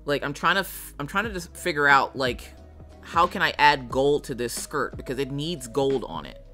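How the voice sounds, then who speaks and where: A bright-toned woman talks casually on a live stream, thinking aloud as she works. She greets viewers between thoughts, and a little music plays softly behind her. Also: very deep voice, lively intonation, moderate pace. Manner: chatty, thinks aloud while drawing, greets chat.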